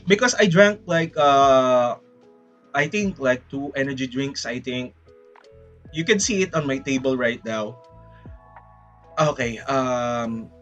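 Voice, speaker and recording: A man with a Filipino accent chatting casually on a livestream, rambling and excitable, often saying "freaking". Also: medium pitch, lo-fi sound. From Philippines. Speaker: VTuber streamer.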